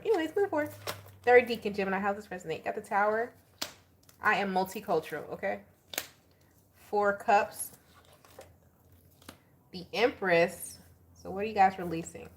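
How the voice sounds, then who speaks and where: Chatty, animated woman tarot reader. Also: medium pitch, slight background noise. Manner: chatty, animated and slangy, laughing often. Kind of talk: casual tarot reading to viewers.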